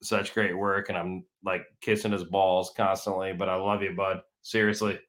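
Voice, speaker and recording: A man's voice: deep voice, level tone, normal speed, fairly bright tone. A man guesting on a casual fan podcast, swearing freely and teasing the hosts between thanks. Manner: profane, teasing, jokey. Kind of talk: casual banter.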